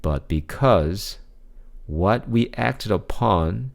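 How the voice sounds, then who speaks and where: A man with a very low voice reads scripture and then reflects on it like a preacher. His delivery is slow and deliberate, with each phrase set down carefully. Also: expressive, gravelly. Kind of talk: scripture reading and sermon reflection.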